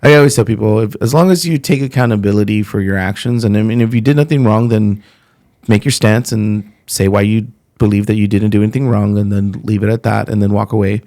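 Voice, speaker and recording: A man's voice: on the low side, fast talker, mellow. A middle-aged man, a comedian guest on a podcast, telling blunt, profane, rambling stories in casual chat.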